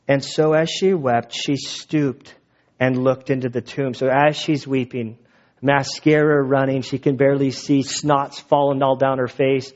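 A man's voice: medium pitch, level tone, measured pace. A man preaching a sermon in a casual, conversational way, retelling the text with asides. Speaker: pastor. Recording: dull lo-fi recording.

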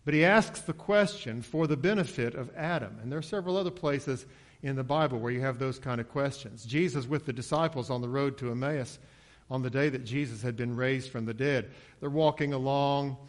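A man preaching an expository sermon in a conversational way, acting out the quoted lines in a lifted voice. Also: moderate pace. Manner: conversational, acts out quotes with raised pitch.

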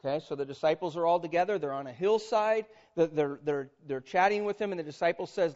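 A male pastor delivers a sermon in an animated, conversational way, tossing questions to his listeners. His voice sits fairly high for a man. The recording sounds dull and lo-fi. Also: fast talker, few pauses. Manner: animated, conversational, quizzes audience.

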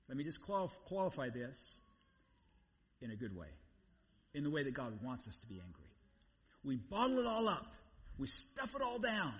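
A man preaching a sermon in a conversational, animated way, repeating phrases for emphasis. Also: a little high. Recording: long reverb, voice somewhat far from mic.

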